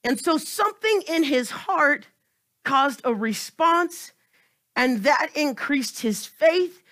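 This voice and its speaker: A man preaching a sermon with passion, swinging between loud emphatic cries and hushed, close asides. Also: extremely high pitch, lively intonation, takes it slowly.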